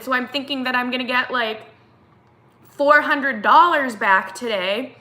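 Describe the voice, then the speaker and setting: Young woman vlogger, bright and slightly high voice, chatty storytime delivery. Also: unhurried. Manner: animated retelling, acts out quotes, fillers like "like". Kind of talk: casual storytime chat.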